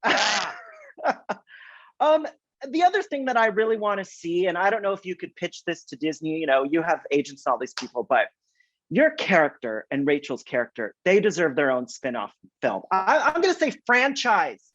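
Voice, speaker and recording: A man hosting an entertainment interview, playful and excitable, teasing his guests. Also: high-pitched, moderate pace. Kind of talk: casual interview chat. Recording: muffled lo-fi sound.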